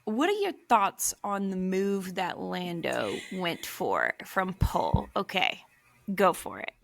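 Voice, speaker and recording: A young woman with a gravelly, fry-edged voice chats as a podcast co-host. She talks in a loose, animated way and laughs often as she tells stories. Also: lowish voice, slow. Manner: chatty, laughing, animated storytelling. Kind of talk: casual chat.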